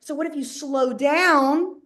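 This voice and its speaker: A high-pitched woman with a drawl, coaching her sales team with folksy, high-energy talk. She slips into other voices to act out what people say. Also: slow, fairly bright tone. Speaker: network marketing team leader.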